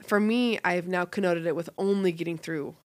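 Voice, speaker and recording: A woman's voice: on the low side, moderate pace, darkish tone, no room sound, studio quality. A woman co-hosting a parenting podcast, speaking in an earnest, reflective way. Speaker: podcast co-host. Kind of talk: casual chat.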